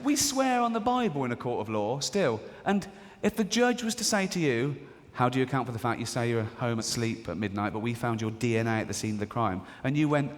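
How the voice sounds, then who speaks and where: An Englishman in his forties performs live stand-up on a big theatre stage, ridiculing people and playing characters in goofy voices while giggling at his own material. His medium-pitched voice is expressive and fairly quick, with a faint hiss or hum. The live recording carries long reverb and an audience laughing.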